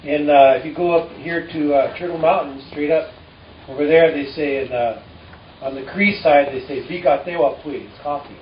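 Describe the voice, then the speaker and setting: A man teaching a live audience in a relaxed way, speaking haltingly with many fillers and dry jokes. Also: on the high side, a little hiss or hum. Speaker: musician and storyteller addressing an audience. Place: live performance before an audience. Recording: distant, roomy and dull with faint ambience.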